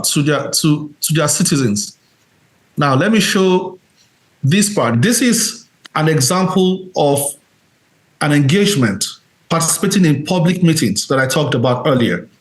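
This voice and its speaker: A man hosting, giving earnest, emphatic commentary on video clips and repeating his points. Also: high-pitched. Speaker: host. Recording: roomy echo.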